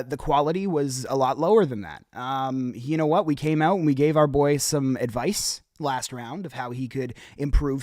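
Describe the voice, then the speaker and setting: A man's voice: medium pitch, no echo, clean studio sound. A young man hosting a show, giving casual, encouraging feedback on rap entries, rambling with many restarts and swearing. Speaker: host. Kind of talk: casual feedback on music submissions.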